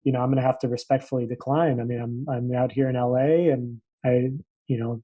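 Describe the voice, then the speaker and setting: A young adult man, a tennis coach, telling a story in a casual interview and acting out the dialogue with animated switches of voice. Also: medium pitch, fairly quick, slightly rough, no echo, highs cut off. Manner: animated, acts out quoted dialogue. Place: Los Angeles area.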